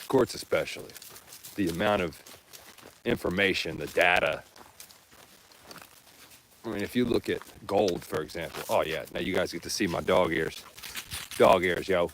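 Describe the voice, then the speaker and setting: Deep-voiced laid-back man rambling outdoors. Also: normal speed, long pauses, fairly bright tone, a little hiss or hum. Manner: laid-back, musing, talks to his dogs. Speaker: vlogger. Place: outdoors in nature with dogs.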